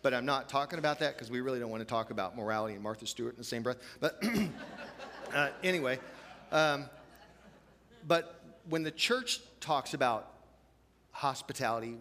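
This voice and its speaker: A man's voice: mid-range voice, lively intonation, moderate pace, fairly bright tone, big-room sound, a little hiss or hum. A man preaching a conversational sermon as a pastor, chatty and self-deprecating, with many "you know" asides.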